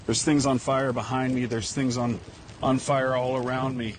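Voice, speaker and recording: An American man, a journalist, reporting on camera from a street, emotional and halting. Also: mid-range voice, level tone, slight background noise. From United States. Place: outdoors on a city street.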